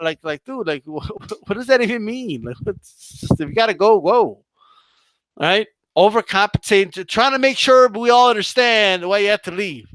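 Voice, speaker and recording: A man hosting a boxing livestream, talking in a loud, mocking, hyped way and swearing freely. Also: high-pitched, smooth, no echo, studio quality. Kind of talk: casual livestream rant.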